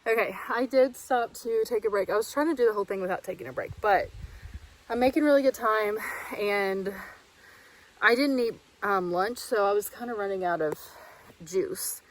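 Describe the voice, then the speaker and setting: A woman's voice: medium pitch, slight background noise, low-quality recording. A woman vlogging solo on a wooded trail, chatty and rambling, out of breath as she hikes and talks into a handheld camera. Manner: chatty, rambling, quick to laugh. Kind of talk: casual vlog monologue.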